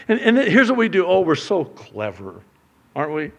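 A man preaching a sermon, swinging from loud urgent appeals to hushed asides and acting out little dialogues, with frequent casual fillers. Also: sits high, wildly swooping pitch, moderate pace, creaky, lo-fi sound. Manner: conversational asides with many fillers. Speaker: pastor.

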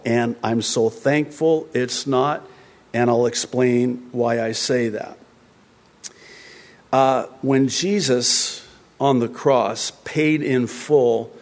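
A man preaching a sermon, emphatic and growing heated as he drives his point home. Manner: emphatic, grows heated and rises in pitch. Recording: long reverb of a large hall.

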